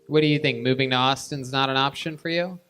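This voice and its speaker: A man's voice: mid-range voice, fairly even intonation, fast talker, fairly bright tone, smooth. A man hosting a live comedy podcast on a club stage, reacting with dry, incredulous questions. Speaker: podcast host.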